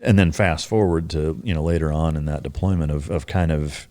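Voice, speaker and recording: A man's voice: rumbling low, steady tone, a little fast, darkish tone, no echo. A middle-aged man hosting a podcast, chatting casually and profanely with an old friend and recalling details of past deployments. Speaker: podcast host.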